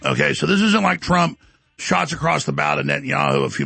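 Gravelly, ranting male show host. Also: a little high, huge pitch swings, brisk, sharp tone, dry recording, soft background music. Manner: ranting, boastful, breaks into mocking voices. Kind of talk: heated political monologue.

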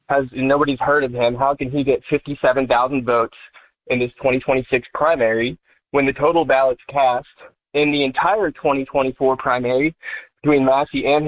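A man from Kentucky calling into a talk show, making his case in an earnest, steady way. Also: mid-range voice, no room sound. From Kentucky, USA. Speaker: caller. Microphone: phone call. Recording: tinny phone line.

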